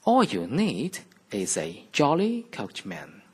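A man voicing a kind, cheerful old fairy godmother in a storybook reading, warm and brisk. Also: medium pitch, huge pitch swings, husky, exaggerated voice. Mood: kindly.

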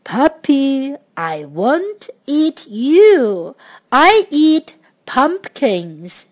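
A hungry male dinosaur from a children's storybook, as a woman puts him on, drawing out each word very slowly. The voice sits high and swoops up and down with lively storybook emphasis. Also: full character voice. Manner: slow, drawn-out, emphatic words.

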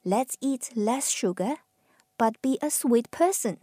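A woman from China with a Chinese accent, teaching Mandarin tones with patient, drawn-out model words. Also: fairly high pitch, animated, dark tone, husky, no room sound, clean studio sound. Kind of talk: slow pronunciation lesson.

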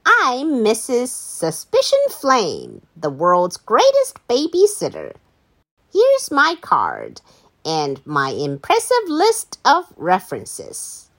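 A woman voicing a prim, overly proper female cat-sitter who introduces herself grandly and sings in a lively, sing-song way. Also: on the high side, slow pace, pitched above the performer's own voice, full character voice. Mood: grandiose.

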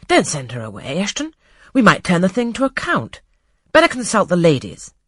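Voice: mid-range voice, huge pitch swings, normal speed, a bit bright, breathy edge, dry recording, clean studio sound, pitched above the performer's own voice, heavily acted. A reader voicing a commanding middle-aged male colonel in a storybook reading, speaking in an urgent, persuasive way.

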